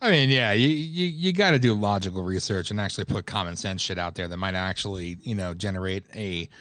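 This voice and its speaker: A man's voice: sits low, brisk, a bit bright, no room sound. A man co-hosting a radio talk show, griping bluntly and wryly with frequent swearing. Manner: blunt, profane, wry griping. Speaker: co-host. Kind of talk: casual political chat.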